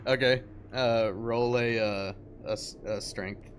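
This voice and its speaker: A young man running a tabletop game as game master, narrating in an easygoing, halting way. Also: medium pitch, fairly even intonation, a little hiss or hum. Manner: easygoing, hesitant with fillers.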